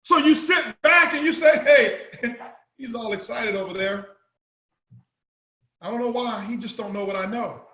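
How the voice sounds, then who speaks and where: A man's voice: very high-pitched, normal speed, pauses often, pushed and bright, echoey room. A man giving an emphatic, repetitive motivational talk to an audience as a company chief executive. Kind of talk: motivational speech.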